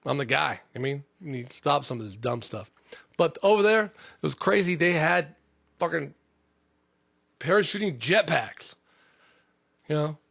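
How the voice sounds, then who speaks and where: A man's voice: fairly high pitch, expressive, measured pace, gravelly, long pauses, fairly bright tone, no room sound, clean studio sound. A man hosting a comedy podcast alone, rambling, profane and jokey. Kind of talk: rambling solo podcast chat.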